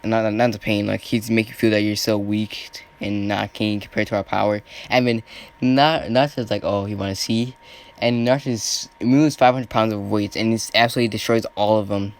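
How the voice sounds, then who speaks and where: A man's voice: lowish voice, fairly even intonation, moderate pace. A man casually retelling a fan story off the cuff, rambling and often correcting himself as he goes.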